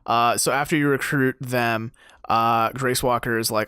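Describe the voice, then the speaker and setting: A young man co-hosting a podcast, recapping a game's story in a relaxed way with lots of fillers. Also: medium pitch, normal speed, clean tone, no echo, studio quality. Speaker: podcast co-host. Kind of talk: casual game discussion.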